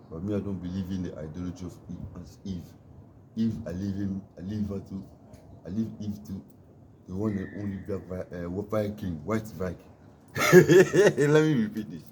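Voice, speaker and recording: A man from Africa with a very deep voice speaks into a phone outdoors in the cold, with plain street ambience behind him. He delivers a rambling, emphatic monologue and repeats himself to drive his point home. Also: steady tone, normal speed, pauses often, background noise. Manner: preachy, emphatic, repetitive. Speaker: vlogger.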